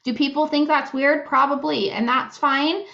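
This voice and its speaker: A woman's voice: sits high, fairly even intonation, moderate pace, vocal fry, bright, forceful tone, muffled recording. A woman co-hosting a podcast, talking candidly and casually, swearing freely and giggling now and then. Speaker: podcast co-host. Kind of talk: casual chat.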